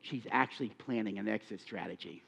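A man's voice: lowish voice, a little fast, gravelly, husky. A middle-aged man preaching a sermon, acting out little scenes and firing questions at his listeners. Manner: animated, acts out dialogue, asks the audience questions. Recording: dull lo-fi recording.

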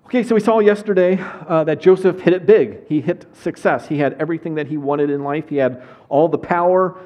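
A man preaching a sermon, opening with a prayer and then telling a Bible story in a lively way with asides, reading scripture aloud. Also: fairly high pitch, a little fast, few pauses. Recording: dull lo-fi sound.

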